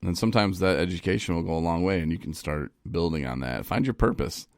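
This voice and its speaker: Man, very deep voice, dry close sound, halting casual monologue, choked up. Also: no room sound. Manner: halting, repeats words, laughs at himself. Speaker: recovery vlogger. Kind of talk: casual live-stream monologue. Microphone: phone.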